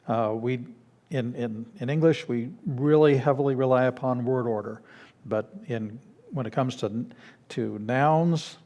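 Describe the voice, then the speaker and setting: Mellow-voiced man teaching a class. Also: mid-range voice. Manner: patient, explanatory, with frequent restarts and fillers. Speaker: Greek teacher. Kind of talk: classroom lecture. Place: church classroom.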